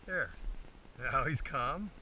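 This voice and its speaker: A man's voice: a little high, lively intonation, takes it slowly, bright, forceful tone. A man demonstrating dog training outdoors, explaining to the camera between commands to his dog. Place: outdoors in a field. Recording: distant outdoor recording, faint background noise.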